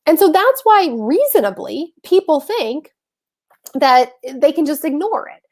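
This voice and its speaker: A woman's voice: high-pitched, big pitch swings, unhurried, darkish tone. A woman hosting a casual livestream explainer on personal finance, chatty and self-correcting, often addressing her viewers as y'all. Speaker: host of a live personal-finance session.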